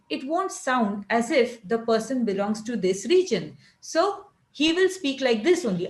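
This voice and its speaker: A woman with a Maharashtrian Indian English accent gives an online college literature lecture in a rather high voice. She explains step by step and circles back to repeat and restart phrases. Her voice carries a noticeable echo from the room. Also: very animated, unhurried, hardly any pauses. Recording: echoey room.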